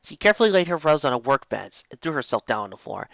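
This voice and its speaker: A woman narrates a fan story with expressive, animated delivery. Her voice sits mid-range and moves a lot in pitch. The recording is dry and a little dull. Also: quick pace, vocal fry, hardly any pauses, dry recording. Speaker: reader. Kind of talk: reading a fan story aloud.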